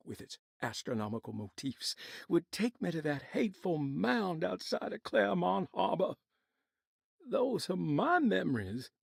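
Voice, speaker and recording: Gravelly, haunted diarist. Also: male voice, high-pitched, no room sound, clean studio sound, exaggerated voice. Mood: longing. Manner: mournful, ornate old-fashioned diction. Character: haunted, tormented man reciting a poetic diary. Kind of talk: video game voice acting.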